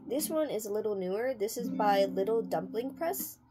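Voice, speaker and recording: A woman hosting a casual unboxing vlog, chatty and halting, slowly sounding out words as she goes. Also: medium pitch, lively intonation, music in the background. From United States. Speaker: channel host.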